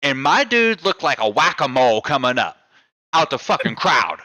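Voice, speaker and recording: A man's voice: medium pitch, sing-song, moderate pace, sharp tone, no echo. A man hosting a live stream, telling a bar story in loose, profane, casual chat. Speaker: streamer host.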